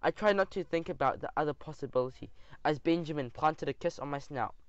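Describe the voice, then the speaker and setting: A man reading an audiobook in an animated, expressive way. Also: fairly high pitch, fairly quick, no room sound. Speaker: audiobook narrator. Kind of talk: scripted audiobook narration. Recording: dull dry audio.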